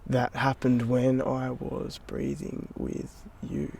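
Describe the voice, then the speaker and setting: A man's voice: mid-range voice, flat delivery, slow pace, vocal fry, darkish tone, slight background noise. A young adult man, a podcast guest, telling a personal story in casual chat, swearing freely and dropping into whispers for his inner thoughts.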